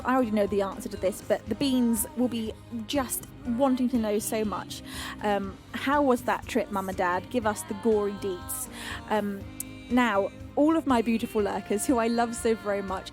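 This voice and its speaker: A young British woman hosts a live music stream and fondly greets her chat one name at a time. Her voice sits high and she keeps an effusive, doting tone, with faint music behind her. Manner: effusive and affectionate, reading out chat names. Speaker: streamer and singer.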